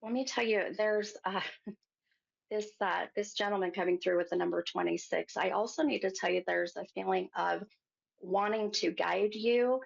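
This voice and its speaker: A woman hosting a psychic show, giving a gentle reading to a caller and calling her hon. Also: medium pitch, moderate pace, creaky. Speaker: psychic medium host. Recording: muffled lo-fi sound.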